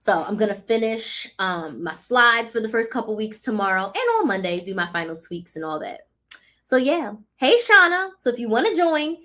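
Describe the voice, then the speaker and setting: A woman talks to her live-stream viewers in a loose, chatty way, and her voice sits a little high. She is excitable and animated and drops slang freely as a business coach. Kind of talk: casual live-stream chat.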